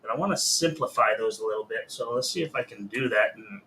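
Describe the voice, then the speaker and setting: Tired male guest artist, bright voice. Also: lowish voice, fast talker, a little hiss or hum. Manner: relaxed, hesitant, many fillers. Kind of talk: casual chat while drawing.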